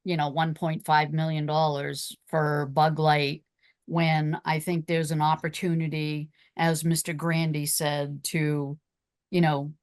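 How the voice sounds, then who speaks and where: A woman on a town committee who speaks in an earnest, unhurried way at a public meeting. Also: deep voice, little pitch movement, dry recording, studio quality. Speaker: committee member.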